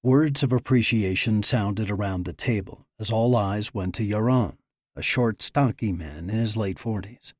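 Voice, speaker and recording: A man narrating an audiobook thriller in an even, measured reading. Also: fairly low pitch, no room sound, clean studio sound. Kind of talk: scripted narration.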